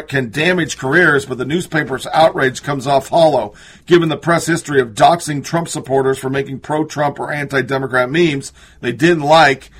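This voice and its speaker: Man, political commentator, slightly high voice, husky tone, reading articles aloud, sarcastic asides. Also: a bit bright. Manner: sarcastic asides, reads quotes then scoffs.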